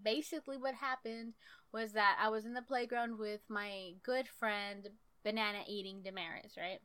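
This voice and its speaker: A young woman casually telling a story from her childhood, animated and profane, laughing often. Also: medium pitch, moderate pace, clear, resonant tone.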